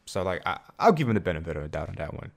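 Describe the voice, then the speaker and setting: Young man, podcast co-host, low voice, hesitant, stumbling, casual chat. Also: sing-song, racing, gravelly. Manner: hesitant, stumbling into sentences with fillers.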